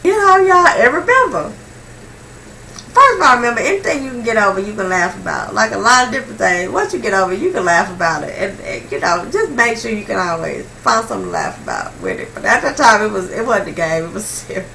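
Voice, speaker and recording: Young woman vlogger, gravelly and bright, animated slangy storyteller, distant mic with faint hiss. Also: mid-range voice, a little fast. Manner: animated, slangy, swings between hushed and loud. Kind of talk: casual storytelling to camera.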